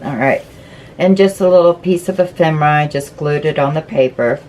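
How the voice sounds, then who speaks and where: A woman's voice: sits low, brisk, darkish tone, slight background noise, poor audio. A woman hosting a casual craft flip-through, chatty and gushing as she explains each step. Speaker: craft channel host.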